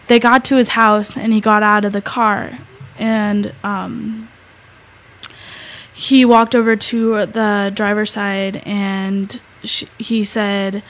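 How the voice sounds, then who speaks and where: A teenage girl co-hosting a talk show, telling a story in a halting way, with many fillers and restarts. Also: medium pitch, rough recording. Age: teens. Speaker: co-host. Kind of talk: casual storytelling.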